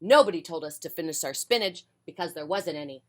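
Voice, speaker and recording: A woman reading a children's picture book aloud on a porch, with a gentle, friendly delivery. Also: deep voice, lively intonation, fast talker. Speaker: children's storyteller.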